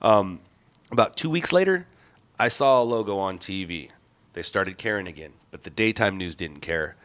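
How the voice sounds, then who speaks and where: Man, news stringer guest, low pitch, bright tone, blunt and profane storyteller. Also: animated, normal speed. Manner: blunt, storytelling, swears casually. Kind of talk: casual chat.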